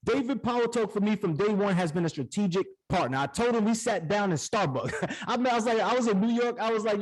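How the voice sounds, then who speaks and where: Call host, male, high voice, loud casual hype energy. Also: fast, low-quality recording. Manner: excited, hyping the audience, casual slang. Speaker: host of a community accountability call. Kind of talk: hype-style hosting on an online group call. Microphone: online call microphone.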